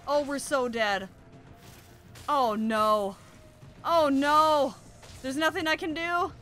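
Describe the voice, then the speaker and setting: A woman's voice: sits high, takes it slowly, over music. A young woman commenting on her survival game playthrough, shrieking in panic at danger and chatting casually in between. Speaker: gaming YouTuber. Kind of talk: let's play commentary.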